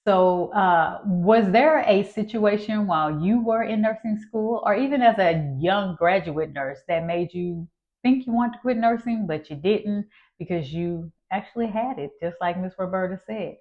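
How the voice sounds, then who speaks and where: A woman in her fifties, a nurse, telling a personal story in a lively way and acting out her own past voice. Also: mid-range voice, unhurried, narrow, tinny audio.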